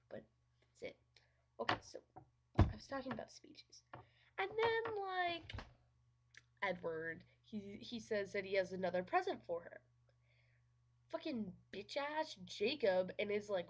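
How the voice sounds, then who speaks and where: A woman's voice: medium pitch, noisy background. A woman giving a casual, sarcastic movie review, swearing freely and saying "like" constantly. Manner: sarcastic and profane, heavy use of "like".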